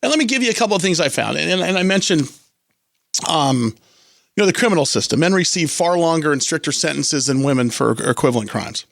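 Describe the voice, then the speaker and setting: A male talk radio host commenting in a studio, talking in halting bursts with many repeated words and restarts. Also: a little high, expressive, gravelly, fairly bright tone, dry recording. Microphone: studio microphone.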